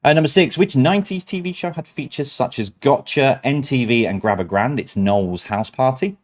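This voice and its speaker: A man's voice: medium pitch, normal speed. A man hosts a quiz night over a stream. He reads each answer in a chatty, easygoing way. He breaks off now and then with self-mocking remarks. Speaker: quiz host.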